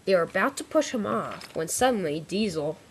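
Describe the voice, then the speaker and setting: A woman's voice: mid-range voice, expressive, a little fast, slight background noise. A woman narrating a homemade toy-train story in a casual way, with small slips and restarts.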